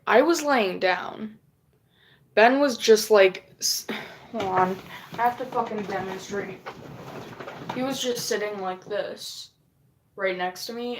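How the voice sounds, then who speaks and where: Female vlogger, unhurried storyteller, rambling and profane. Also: medium pitch. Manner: rambling, frequent swearing, acts out quoted lines. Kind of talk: casual storytelling.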